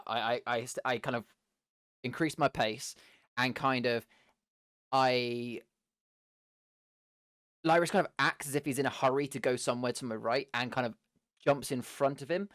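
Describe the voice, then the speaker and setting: A man's voice: a bit bright, dry recording, studio quality. A man playing a tabletop game, hesitantly describing what his character does. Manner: hesitant, full of fillers, lowers his voice. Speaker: player.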